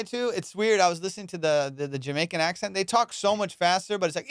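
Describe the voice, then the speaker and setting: Male podcast host in his thirties, crisp and close-miked, animated storyteller. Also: high voice, quick pace, few pauses, dry recording. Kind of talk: casual podcast chat.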